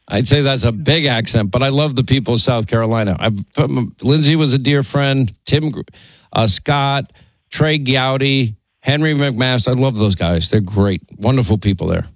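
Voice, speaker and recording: A man's voice: mid-range voice, moderate pace, no room sound, rough recording. Guy hosting call-in radio, chatty, keeps restarting words, dry studio sound. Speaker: radio talk show host. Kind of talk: call-in radio talk and ad read.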